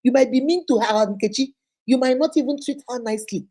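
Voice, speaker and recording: A Nigerian woman hosting a viewer advice show, retelling a caller's story in an expressive, heartfelt way with pidgin touches. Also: high-pitched, a little fast, rough recording.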